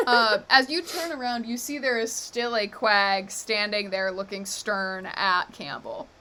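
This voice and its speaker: A woman's voice: mid-range voice, a little slow, bright, forceful tone. A woman running a live tabletop game as game master, narrating in an easygoing way with frequent laughs and fillers.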